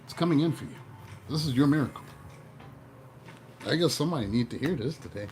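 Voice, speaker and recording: A man giving a casual tarot reading, playful and animated, breaking into joking mock voices. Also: medium pitch, a little fast, faint music behind. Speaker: tarot reader.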